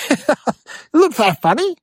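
A woman voicing an eight-year-old city boy, telling a rambling comedic story in a whiny, excitable way. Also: sits high, drawn-out words, dry recording, full character voice. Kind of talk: comedic character monologue.

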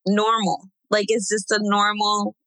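A young woman recounts a personal story in a relaxed, rambling way, full of fillers and little laughs. Her voice is bright, and the recording is dry and close, with no room sound. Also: medium pitch, a little slow, dry recording, rough recording. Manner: chatty, many fillers, laughs while telling. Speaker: guest sharing a birth story. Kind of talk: casual conversational storytelling.

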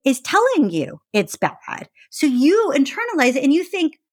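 A woman talking as a podcast guest and author, chatty and animated, with lots of fillers. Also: sits high, normal speed, no room sound, studio quality. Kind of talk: casual conversational interview.

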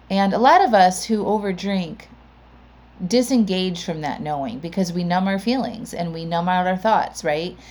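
A woman's voice: on the low side, darkish tone. Chatty woman hosting a podcast. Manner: chatty, upbeat, peppered with "like". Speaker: podcast host and coach. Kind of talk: casual podcast chat.

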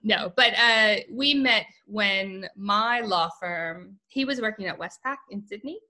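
An American woman with a bright, forward voice chats as an interview guest. She is animated and laughs often between her sentences, and her pitch sits in the middle of the range. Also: measured pace, poor audio. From United States. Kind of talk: casual interview chat.

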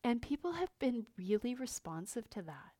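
A woman hosting a podcast, talking openly and earnestly about her feelings, with frequent pauses and fillers. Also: on the high side, sing-song, mellow, no echo. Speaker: podcast host. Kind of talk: personal reflective monologue.

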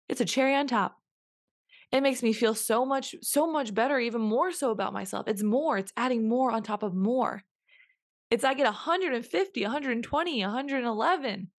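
A young adult woman hosting a solo podcast, talking earnestly and reflectively, repeating herself for emphasis with frequent restarts. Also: mid-range voice. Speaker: podcast host.

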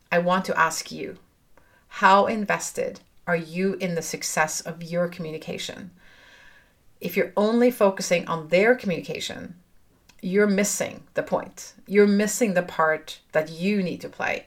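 A middle-aged woman coaching on relationships, giving gentle reflective advice with pauses and self-corrections. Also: on the low side. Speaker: divorce coach. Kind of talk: podcast monologue.

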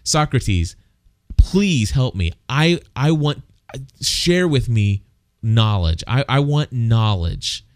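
A man's voice: medium pitch, expressive, slow pace, no echo, clean studio sound. A man voicing a desperate young man who pleads and gasps for air. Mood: pleading. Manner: pleading, breathless.

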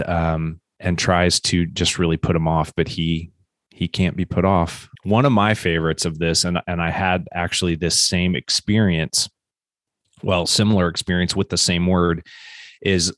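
Casting: low-voiced middle-aged man, emphatic podcast storyteller, close and dry. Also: fairly even intonation, moderate pace, dry recording. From United States. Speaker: podcast co-host. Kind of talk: casual chat.

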